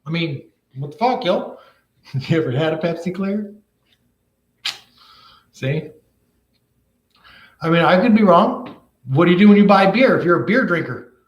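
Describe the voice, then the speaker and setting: A man's voice: high voice, expressive, measured pace, pauses often, lo-fi sound. A man who reviews cannabis products, ranting bluntly and swearing constantly in casual talk. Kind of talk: casual profane rant. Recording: echoey room.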